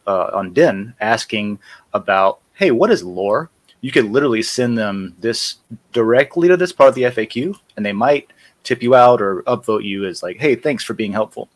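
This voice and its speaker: A man with a mid-range voice hosts a casual live-stream chat, showing viewers a website demo. He corrects himself as he clicks from screen to screen.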